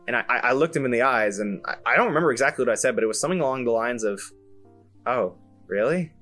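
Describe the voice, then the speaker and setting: A young man hosting a podcast, telling a story in an animated, self-amused way with lots of fillers and restarts. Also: mid-range voice, racing, soft background music. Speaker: podcast host. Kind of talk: casual solo storytelling.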